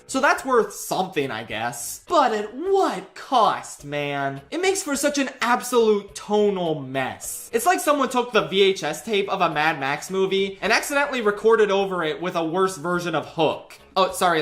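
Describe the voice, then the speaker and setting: A man's voice: high voice, fairly bright tone. A man narrating a scripted film review video in a sarcastic, ranting manner.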